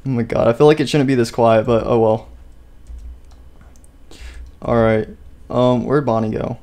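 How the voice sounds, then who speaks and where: A man's voice: mid-range voice, fairly even intonation, moderate pace, pauses often, warm tone. A young man casually commenting on his own gameplay, chatty, talking to himself and startled easily. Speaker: gaming YouTuber. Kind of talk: casual let's-play commentary.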